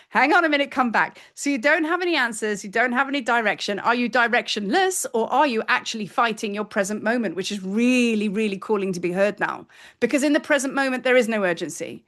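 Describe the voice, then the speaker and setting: A woman in her fifties giving a casual spiritual teaching talk, chatty and animated, often acting out her own thoughts. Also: fairly high pitch. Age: 50s.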